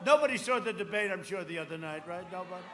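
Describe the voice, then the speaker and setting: A man in his seventies giving a rambling campaign rally speech, swinging between shouted lines and muttered asides. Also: sits high, animated, fast. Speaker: political speaker at a rally. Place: large outdoor rally. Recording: echoey outdoor rally with crowd noise.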